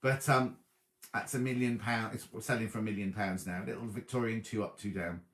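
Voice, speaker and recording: A man hosting a sewing show in a chatty, easily distracted way, reading viewer comments out loud from his sofa at home. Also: on the low side, fairly even intonation, a little fast, roomy sound. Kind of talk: casual livestream chat reading viewer comments.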